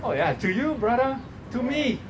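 A man's voice: extremely high pitch, big pitch swings, normal speed, slight background noise, low-quality recording. A man preaching as pastor at a church service, emphatic, drawing answers from the congregation. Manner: emphatic preaching with call-and-response. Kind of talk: sermon.

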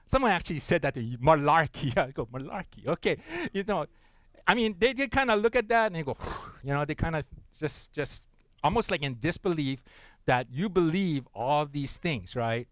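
A pastor with a somewhat high, expressive voice preaches a conversational sermon at normal speed, often checking in with the congregation and laughing at his own stories. He tells a joke using acted voices. The recording is rough, with no room sound.

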